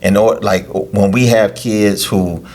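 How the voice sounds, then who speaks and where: A man, a youth lacrosse coach, explaining things in a casual interview with drawn-out hesitations. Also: on the low side, fairly even intonation, darkish tone. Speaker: head coach of a youth lacrosse team, podcast guest.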